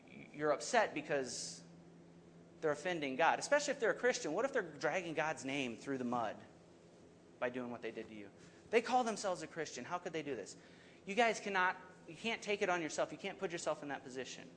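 Young guy pastor preaching, kinda high voice, keeps asking the crowd stuff, faint hiss behind. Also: sing-song, a little fast, a bit bright. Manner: conversational, asks the congregation questions. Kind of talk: sermon.

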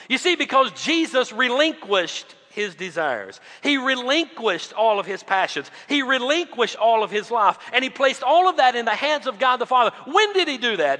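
A male pastor preaching a sermon, swinging between loud emphatic lines and quiet low drops. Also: in a large hall.

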